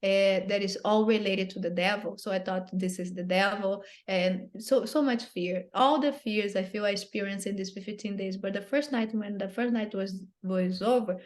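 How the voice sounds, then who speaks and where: A woman telling a personal story as an interview guest, earnest and halting, often repeating and restarting phrases, in non-native English grammar. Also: medium pitch, steady tone.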